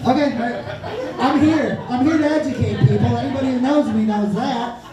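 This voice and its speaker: A man's voice: very high-pitched, moderate pace, a crowd in the background. A man doing a crude, brash stand-up comedy set on a small club stage, with audience laughter behind him. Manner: crude, brash, profane storytelling. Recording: echoey club from far off, noisy.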